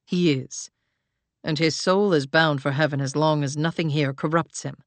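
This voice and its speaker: Calm low guardian guy, protective and grave lady reading him. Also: moderate pace, dry recording.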